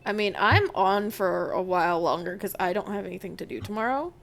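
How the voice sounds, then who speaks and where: A woman game master chatting casually with her players between tabletop scenes, candid and quick to laugh, with some swearing. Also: mid-range voice, lively intonation, vocal fry, fairly bright tone.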